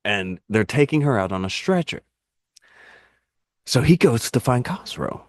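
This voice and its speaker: A man in casual podcast chat, telling animated, rambling wrestling anecdotes and laughing at his own jokes. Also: mid-range voice, unhurried, no room sound, studio quality. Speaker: podcast guest, wrestling YouTuber.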